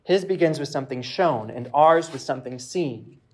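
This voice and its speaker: A man preaching, reading a reflective passage aloud in a measured way with pauses. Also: fairly high pitch, animated, a little mellow. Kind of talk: sermon with read-aloud passage.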